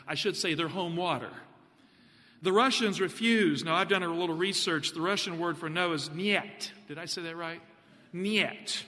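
A man preaching a sermon, animated, putting questions to the congregation. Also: high-pitched, in a large hall.

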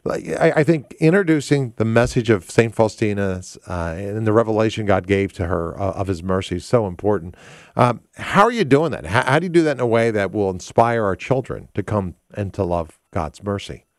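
Low-voiced male interviewer. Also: expressive, a little fast, dry recording, studio quality. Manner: engaged, conversational questioning. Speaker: interviewer host. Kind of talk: interview questions.

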